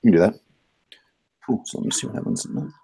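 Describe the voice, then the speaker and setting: A man narrating as game master in a tabletop game, relaxed and rambling with many fillers. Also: fast.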